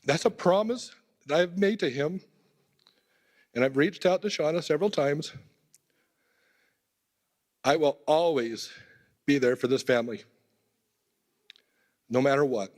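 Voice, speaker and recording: Guy giving a eulogy, slightly high voice, chatty storytelling, laid back. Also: measured pace, pauses often, darkish tone. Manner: casual, conversational, personal anecdotes. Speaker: eulogy speaker at a memorial. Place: temple hall.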